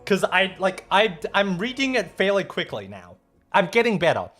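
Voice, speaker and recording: A man's voice: sits high, wildly swooping pitch, moderate pace, fairly bright tone, faint music behind. A man with an Australian accent streaming, chatting casually and playfully as he reads out viewer messages, rambling and swearing now and then.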